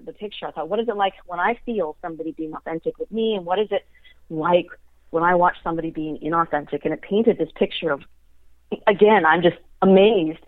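A woman's voice: fairly low pitch, dry recording. A woman telling stories in casual conversation, laughing often and acting out quotes. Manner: animated storyteller, laughs often, acts out quotes. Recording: tinny phone line.

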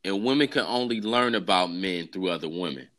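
A man's voice: low voice, a little fast, a bit bright. A man co-hosting a casual podcast chat, joking and reacting bluntly, swearing freely. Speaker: podcast co-host.

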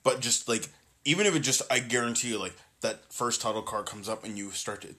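A young man co-hosting a podcast, chatting casually, animated, swearing and laughing often. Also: mid-range voice, brisk. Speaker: podcast co-host. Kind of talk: casual chat.

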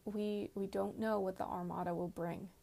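A woman voicing a charming young prince who speaks in a measured, placating way, in an audiobook reading. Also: mid-range voice, fairly even intonation, creaky, dark tone. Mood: gentle. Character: young man, a charming prince, careful and gentle.

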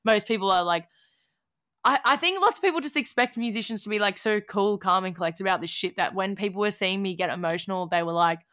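An Australian woman with a bright, clear voice talks in a loose podcast chat. She gushes with emotion, swears freely and breaks into laughter. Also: mid-range voice, fast talker. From Gold Coast, Australia. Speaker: musician guest.

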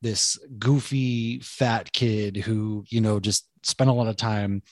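A man's voice: on the low side, steady tone, takes it slowly, no room sound, clean studio sound. A man in his thirties with a Boston accent, a guest telling his story in casual podcast chat, loose and profane, often laughing. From Boston area, USA. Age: 30s. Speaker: podcast guest, military service member.

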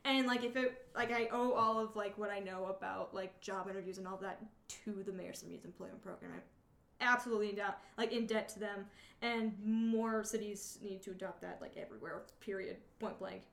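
A woman's voice: mid-range voice, fairly even intonation, fairly quick, creaky, fairly bright tone, echoey room. A young woman, co-hosting a casual chat, giggly and rambling with lots of fillers. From Malden, Massachusetts. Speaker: podcast co-host.

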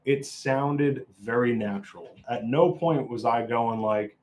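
Guy doing a casual movie review vlog, opinionated, keeps restarting his sentences, mid pitch. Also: measured pace. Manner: opinionated, rambling with frequent restarts. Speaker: film reviewer.

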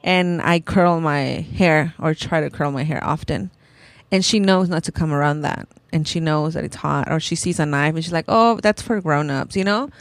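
A young woman, a mother of a toddler, chatting casually and animatedly, acting out her child's cries in high squeals. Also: moderate pace, no echo. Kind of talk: casual chat.

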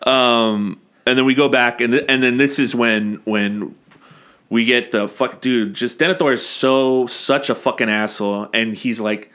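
A man's voice: medium pitch, steady tone, moderate pace, a bit bright. A man casually recapping a movie on a podcast, rambling and swearing, often acting out lines from scenes. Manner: rambling, profane, acts out quotes in silly voices. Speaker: podcast co-host.

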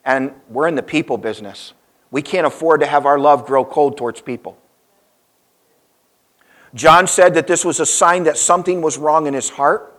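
A man's voice: fairly high pitch, normal speed, a bit bright. Man preaching with dramatic swings. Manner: dynamic preaching, rising and falling, acting out quoted lines. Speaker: pastor. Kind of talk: sermon.

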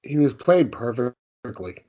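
A man's voice: medium pitch, big pitch swings, takes it slowly, dark tone. A man co-hosting a casual film podcast, laughing often and acting out lines from scenes. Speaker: podcast co-host.

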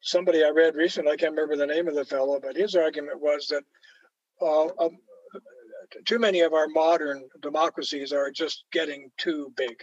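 Canadian male author guest, emphatic storyteller, fairly high voice, dry muffled audio. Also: fairly even intonation, fairly quick, no room sound. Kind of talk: opinionated conversation. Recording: dull lo-fi dry recording.

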